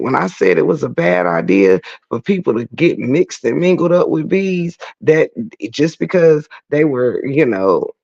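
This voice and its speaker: Gravelly, profane man ranting on a livestream. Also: a little high. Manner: blunt and profane, shouts in laughter. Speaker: livestream host reading chat. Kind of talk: casual livestream rant. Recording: dull lo-fi stream audio.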